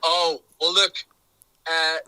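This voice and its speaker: A man calling in to a podcast with a very bright, sharp voice pitched fairly high. He plays along with a mock-secretive joke, hedging and stalling as he talks. It comes across as quick comic banter. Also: little pitch movement, clean tone, poor audio. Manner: hesitant, mock-conspiratorial joking. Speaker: caller. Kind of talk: casual phone banter.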